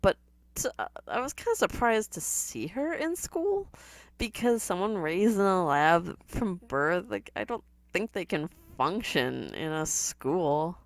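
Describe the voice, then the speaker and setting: A woman giving casual, sardonic reaction commentary on a TV episode, chatty and quick to laugh. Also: lowish voice, very animated, no room sound.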